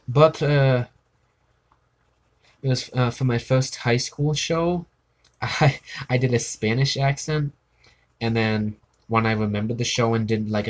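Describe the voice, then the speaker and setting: A young man from Maryland, chatting casually and rambling while he draws on a stream, often laughing and humming nonsense sounds. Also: mid-range voice. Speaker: art streamer. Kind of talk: casual chat while drawing.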